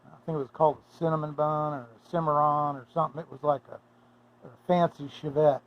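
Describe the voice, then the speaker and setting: A man spins a casual, rambling yarn, full of halts and restarts. His voice sits somewhat high for a man. The recording is dull and lo-fi. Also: level tone. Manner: rambling, halting, folksy. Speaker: storyteller. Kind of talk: casual folksy storytelling.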